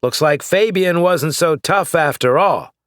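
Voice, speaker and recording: A man's voice: on the high side, measured pace, a bit bright, dry recording, voice pushed up. A man voicing a male gunfighter who trades dry, needling quips under fire, in an audiobook.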